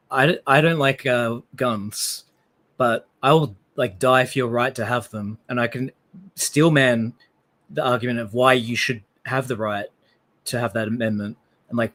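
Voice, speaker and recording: A man's voice: mid-range voice, a bit bright. A man with an Australian accent in a casual discussion, talking loosely with many fillers and hedges. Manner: rambling, lots of fillers and hedges.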